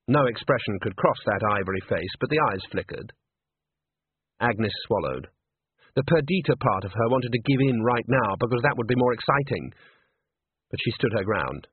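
A man reading a novel aloud in a lively, expressive narration. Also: mid-range voice, normal speed, husky, no room sound. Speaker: audiobook narrator. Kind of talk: scripted narration. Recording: dry, tinny phone-like sound.

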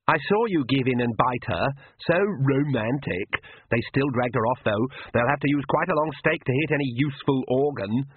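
A man's voice: medium pitch, expressive, breathy edge, no room sound. A man voicing a sneering young vampire woman. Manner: sneering, drawn-out sarcasm. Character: scornful young female vampire, sharp-tongued. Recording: tinny lo-fi radio broadcast.

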